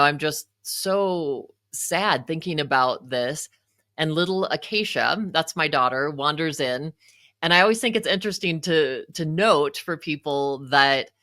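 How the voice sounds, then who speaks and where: A woman's voice: sits low, fairly bright tone, dry recording, clean studio sound. A woman, a psychotherapist and author, telling an emotional personal story in conversation, full of "you know" asides.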